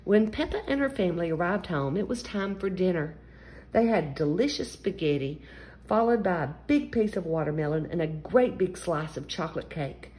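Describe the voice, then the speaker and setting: Animated woman reading a kids' story. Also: lowish voice, moderate pace. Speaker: storyteller host. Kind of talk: children's story read-aloud.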